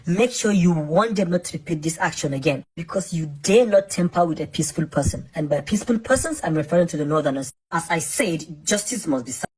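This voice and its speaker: A woman's voice: lowish voice, lively intonation, fairly quick, hardly any pauses, darkish tone, slightly rough, poor audio. A woman giving firm, admonishing social media commentary.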